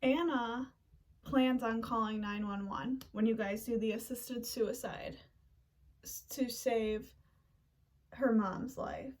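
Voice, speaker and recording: A young woman casually recapping a movie, chatty and animated, with lots of fillers. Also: on the high side, slow pace, distant mic, poor audio. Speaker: movie reviewer.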